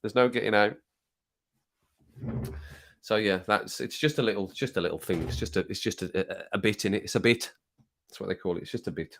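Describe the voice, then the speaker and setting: A man's voice: lowish voice, brisk, vocal fry, pauses often, fairly bright tone. A man hosting a live stream from his home setup, rambling casually to viewers on a desk microphone, laughing and swearing often. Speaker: livestream host.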